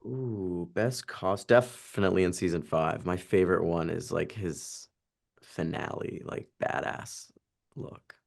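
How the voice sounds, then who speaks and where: A man's voice: sits low, fairly even intonation, creaky. A man in his twenties, an actor giving an interview, chatting casually with lots of fillers and restarts. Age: 20s. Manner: chatty, halting, full of "like" and restarts.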